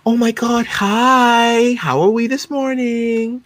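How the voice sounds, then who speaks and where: A man's voice: very high voice, steady tone, takes it slowly, fairly bright tone, no room sound, pitched above the performer's own voice, exaggerated voice. A man voicing a fussy, chatty woman desk clerk who gushes and bosses. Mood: gushing. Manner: gushing, bossy, doting.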